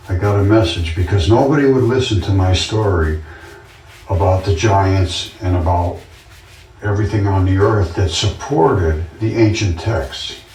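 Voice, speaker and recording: A man's voice: lowish voice, darkish tone. Man, earnest casual monologue, insistent and repetitive, echoey room. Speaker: vlogger. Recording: roomy, distant from the mic.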